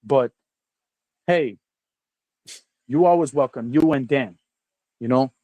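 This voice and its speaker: A man hosting a livestream, chatting casually in a rambling, halting way with lots of fillers and restarts, sometimes with his mouth full. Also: mid-range voice, dark tone, no room sound. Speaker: livestream host. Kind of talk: rambling casual stream chat.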